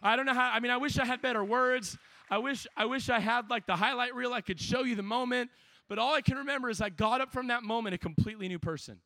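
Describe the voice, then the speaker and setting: A young man preaching a sermon to young people at a camp, building from quiet storytelling to passionate shouting. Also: very high voice, quick pace, dry recording.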